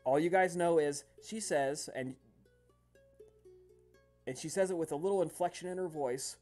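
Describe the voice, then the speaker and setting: A man narrating as game master of a tabletop role-playing game, shouting out villagers' lines now and then. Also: on the high side, normal speed, long pauses, faint music behind. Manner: relaxed, breaks into loud shouted voices for villagers.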